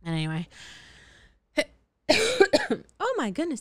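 Brief: woman in her thirties, solo podcast host, very smooth clear voice, dry close mic, blunt and cussing, sore throat. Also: fairly low pitch, normal speed, fairly bright tone, dry recording. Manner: blunt, profane, laughs often, self-mocking. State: slightly sore, scratchy throat. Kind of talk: candid solo podcast monologue.

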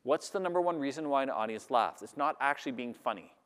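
A man giving a lively talk to a live audience, acting out the voices of the people he describes. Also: mid-range voice, fast, clean tone. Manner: animated, acts out audience voices. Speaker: public speaker. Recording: long hall reverb.

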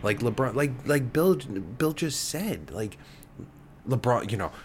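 Lively, profane man ranting. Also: mid-range voice, measured pace, a little hiss or hum. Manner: heated, swearing, rambling with many fillers. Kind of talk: profane podcast rant.

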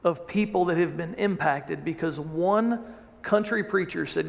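A man's voice: a little high, measured pace, creaky, long reverb tail. A male pastor preaching a sermon in a conversational storytelling way, often restarting his sentences.

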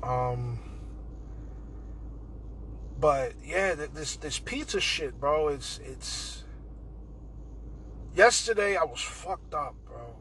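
High, bright-voiced rambling podcast guy. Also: animated, extremely slow, long pauses, a little hiss or hum, rough recording. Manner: rambling, profane, keeps saying "bro". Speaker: podcast host. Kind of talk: casual monologue podcast.

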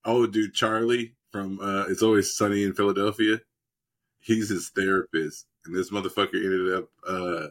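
A man's voice: sits low, fairly even intonation, moderate pace, a bit bright. A man in casual chat, rambling and profane, retelling TV scenes with laughs between his lines. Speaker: podcast co-host.

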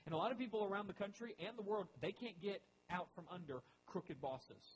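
A man preaching a sermon as pastor, with animated emphasis that rises and drops. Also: sits high, fairly quick, a little hiss or hum, low-quality recording.

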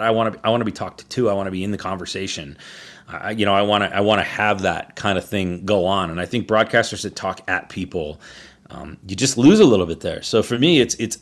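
Man, very low voice, casual podcast guest, easygoing, talks hockey broadcasting. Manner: conversational, easygoing, many restarts.

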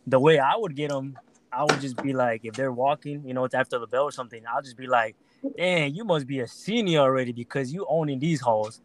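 Relaxed man with faint background noise. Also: medium pitch, brisk. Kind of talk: casual chat.

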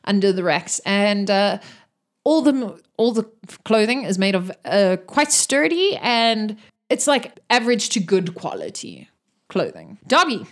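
A woman's voice: medium pitch, sing-song, unhurried. A woman running a tabletop game as game master, describing scenes with many fillers.

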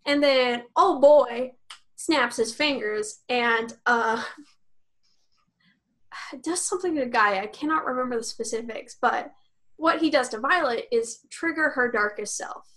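A high-pitched woman co-hosts a podcast and recaps a tabletop role-playing session. She rambles, swears freely and laughs through the story, briefly acting out what the characters said. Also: a little slow, a bit bright. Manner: rambling, profane, laughing often, acting out quotes. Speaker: podcast co-host.

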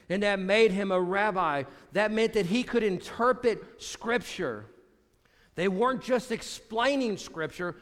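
High-voiced man preaching in a reverberant hall. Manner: preaching, drops low and quiet for emphasis. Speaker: pastor. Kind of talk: sermon.

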